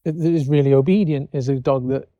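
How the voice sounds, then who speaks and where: A man's voice: mid-range voice, fairly even intonation, brisk, mellow, no echo, lo-fi sound. A man hosting a casual talk on dog training, thoughtful and rambling with fillers. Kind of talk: casual conversation.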